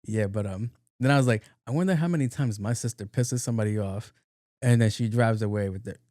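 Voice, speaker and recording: Casting note: young New man, podcast host, mellow low-toned voice, loose and profane. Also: a little fast, no echo, clean studio sound. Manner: profane, animated retelling with acted-out quotes. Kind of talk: casual solo storytelling.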